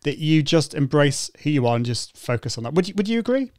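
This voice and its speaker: A man's voice: a little high, very animated, fast talker, darkish tone, no room sound, studio quality. A man with an English accent hosting a podcast interview, speaking in an encouraging, reflective way. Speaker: podcast host.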